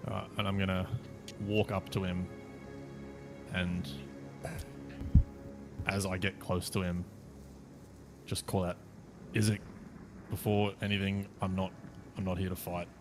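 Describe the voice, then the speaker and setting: A man's voice: sits low, flat delivery, a little slow, pauses often, over music. A man, playing a tabletop game, crude and blunt with lots of swearing. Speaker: player. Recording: noisy background.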